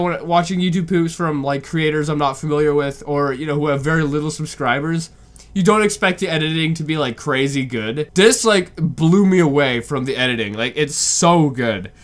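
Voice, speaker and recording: A man hosting a casual reaction video, excitable and laughing often, repeating his exclamations. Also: fairly high pitch. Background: video audio and music playing.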